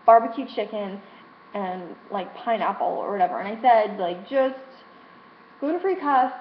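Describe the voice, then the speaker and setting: A woman's voice: medium pitch, moderate pace. A young adult woman speaking frankly about her frustrations in a personal vlog, emotional and swearing freely. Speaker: vlogger. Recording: roomy, dull lo-fi sound with faint hiss.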